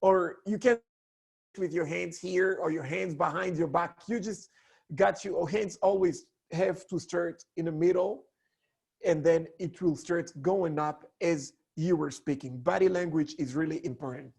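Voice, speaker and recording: A man teaching a lesson on public speaking, hoarse with a cracked voice, talking in an animated way that swoops between high and low tones. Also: a little slow. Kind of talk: online lesson.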